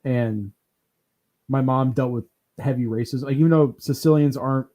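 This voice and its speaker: A man hosting a podcast in casual chat, telling lively stories, acting out what others said, laughing and swearing as he goes. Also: mid-range voice, normal speed. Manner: animated storyteller who acts out quotes, laughs and swears often. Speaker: podcast host.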